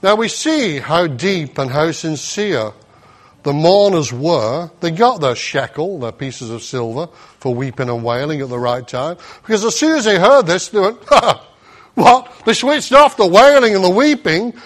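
High-voiced animated male preacher. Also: normal speed. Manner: animated storytelling, acting out voices and laughing. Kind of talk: sermon.

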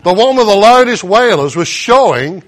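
A male preacher delivering a sermon, telling a story with animated acted-out voices and laughter. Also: sits high, normal speed.

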